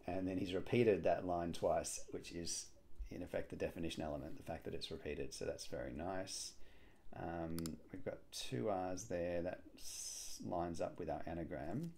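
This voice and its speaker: A man solving a cryptic crossword aloud, musing and hesitant, with frequent pauses and fillers. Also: deep voice, vocal fry, warm tone, slight background noise. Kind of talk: thinking aloud while solving.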